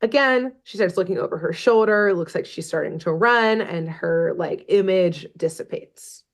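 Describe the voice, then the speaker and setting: A woman's voice: lowish voice, moderate pace. A woman podcast host casually retelling a cartoon episode, laughing often and swearing offhandedly. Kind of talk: casual chat.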